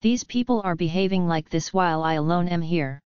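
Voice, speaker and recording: A woman's voice: lowish voice, a little fast, clear, resonant tone, dry recording, natural voice. A woman voicing an ailing old emperor and worried father in an audiobook, speaking in a grave, solemn way. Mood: weary. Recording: slightly dull lo-fi audio.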